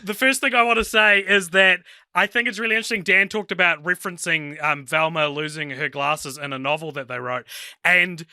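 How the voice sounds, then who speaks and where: A man hosting a casual podcast, relaxed and easygoing, chuckling often. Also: a little high, a little fast, smooth, no echo, studio quality. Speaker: podcast host.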